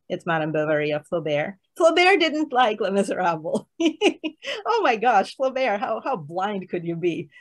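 A woman leading an online book discussion on her own, talking enthusiastically and rambling, laughing often, on a video call. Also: lowish voice. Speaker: literature course leader. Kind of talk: solo online book talk.

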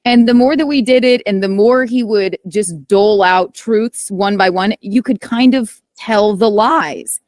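A woman guest in casual chat, telling stories quickly and acting out quoted remarks. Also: mid-range voice, darkish tone, no echo, clean studio sound.

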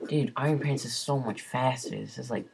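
A young man giving profane, exasperated gameplay commentary as the host of a gaming channel, swinging between muttered curses and yells. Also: mid-range voice, a little fast, gravelly, a little hiss or hum.

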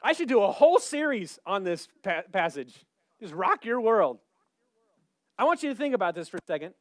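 A man's voice: high voice, very animated, moderate pace, no room sound, studio quality. A male pastor preaching a sermon, emphatic and repeating scripture lines with rising intensity. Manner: emphatic, repeats scripture, builds to loud calls.

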